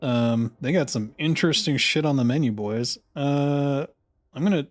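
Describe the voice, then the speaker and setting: A man's voice: mid-range voice, moderate pace, dry recording, clean studio sound. Rambling, swearing man streamer. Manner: rambling, laughing, swearing, muttering asides. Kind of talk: casual chat while ordering food online.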